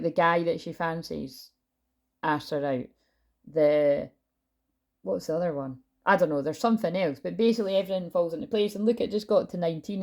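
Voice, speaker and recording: Gravelly low-voiced woman. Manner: loud, chatty, swears freely. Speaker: tarot reader. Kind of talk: casual tarot reading monologue. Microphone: built-in camera mic, no lapel.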